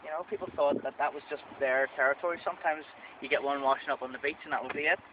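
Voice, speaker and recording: A man's voice: medium pitch, fairly even intonation, very fast. A Northern Irish man hosting a joke documentary in a mock-earnest presenter tone. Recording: dull lo-fi camera audio with loud background noise.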